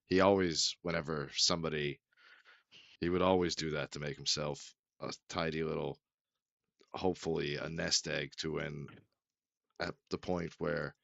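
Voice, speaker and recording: A man's voice: very deep voice, gravelly, a bit bright, dry recording. A man narrating as game master in a loose, swearing, laugh-prone way, recorded on a dull lo-fi mic.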